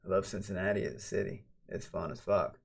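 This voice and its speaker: A man livestreaming a late-night casual chat. He rambles and swears, and swings from low mumbles to loud, excited shouts. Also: fairly quick, gravelly, slightly rough.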